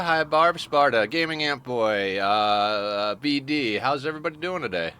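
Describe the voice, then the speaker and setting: A man's voice: mid-range voice, lively intonation, moderate pace, pushed and bright, clean tone. A sleepy man chatting casually with his livestream chat, joking and greeting viewers by name. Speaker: streamer.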